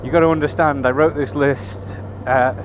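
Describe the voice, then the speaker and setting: A man's voice: fairly high pitch, fairly even intonation, moderate pace. A man riding a motorbike in town, chatting casually into a helmet camera mic, swearing freely and making wry asides. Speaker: motorcycle vlogger. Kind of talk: casual chat while riding. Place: on a motorbike in city traffic. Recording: road and engine noise.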